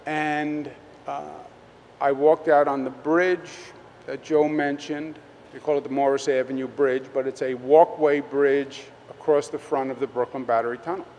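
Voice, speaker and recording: A man with a Queens New York accent, a state governor giving a conversational public speech at a press event, halting with many fillers. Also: mid-range voice, level tone, darkish tone. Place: public event at a tunnel site. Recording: long reverb, faint background noise.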